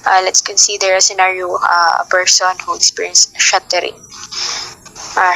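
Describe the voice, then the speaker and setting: A young woman teaching a class, reading her notes at a steady pace with frequent filler sounds. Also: fairly low pitch, gravelly, poor audio.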